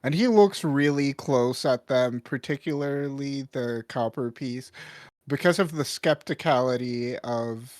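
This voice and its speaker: A man narrating a tabletop game as game master, calm and matter-of-fact. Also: mid-range voice, a little slow, dry recording, studio quality.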